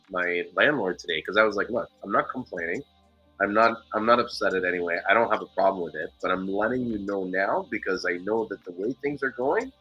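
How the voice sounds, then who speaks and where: A man hosting a loose, casual talk show who tells a heated story full of swearing. His voice is bright and forceful. Faint music plays underneath. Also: fairly low pitch, breathy edge, poor audio. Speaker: podcast host. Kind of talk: casual chat.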